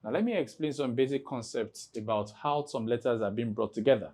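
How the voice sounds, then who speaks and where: A man from Nigeria teaching an exam prep English lesson, explaining slowly and spelling words out letter by letter. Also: medium pitch, animated, darkish tone. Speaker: English tutor.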